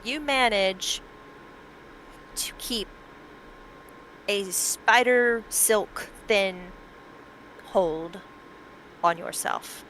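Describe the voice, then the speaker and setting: A woman's voice: mid-range voice, very slow, long pauses, fairly bright tone, rough recording. Woman game master, chatty narration w fillers, faint room hum.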